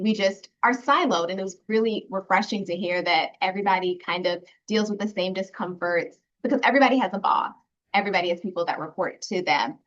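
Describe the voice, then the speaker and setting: A woman's voice: mid-range voice, a bit bright, highs cut off. A woman alumna speaking earnestly and reflectively in a casual online panel, with many fillers. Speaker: program alumna. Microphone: video call.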